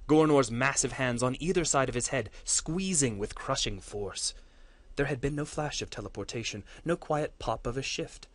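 Brief: male instructor, mid-pitched, earnest read-aloud of fantasy fiction. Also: no echo. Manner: earnest, steady storytelling with occasional slips. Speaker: course instructor. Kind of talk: reading a fantasy story aloud.

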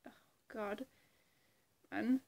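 A woman's voice: mid-range voice, fairly even intonation, very slow, vocal fry, a little mellow. A woman chatting casually in a vlog, rambling and self-deprecating, often repeating herself. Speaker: impressionist vlogger.

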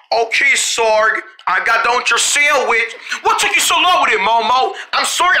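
A very bright voice that swoops high and low as it acts out every part of an improvised toy play. It snaps between bossy orders and whiny protests. It giggles through many of its lines. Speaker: storyteller voicing every character.

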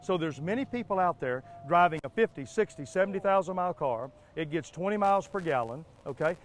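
Outdoors on a car lot, a man hosts a dealership TV spot and delivers a live sales pitch, pushing deals repetitively and checking in with "all right?" and "okay?" His voice sits high and is expressive and fairly quick, with a little hiss or hum present.

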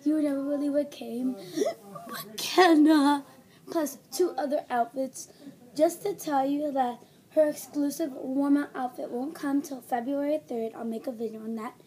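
A female vlogger unboxing at home, gushing and gasping with breathless excitement. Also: high voice, moderate pace. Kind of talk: excited doll unboxing vlog. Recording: home recording with background noise.

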